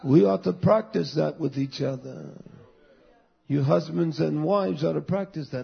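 A man in his fifties delivers a sermon in a rough, gravelly, breathy voice pitched a bit high. He moves between fervent, raised preaching and hushed, close asides. The recording sounds muffled and lo-fi. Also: measured pace. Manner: swings from loud fervent preaching to soft intimate asides.

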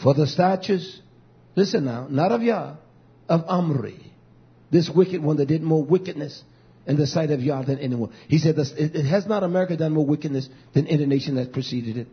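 Very husky high-voiced male preacher. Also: a little fast. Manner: swings from shouting to low murmuring; repetitive, stumbling restarts. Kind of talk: fiery sermon. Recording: dull lo-fi recording.

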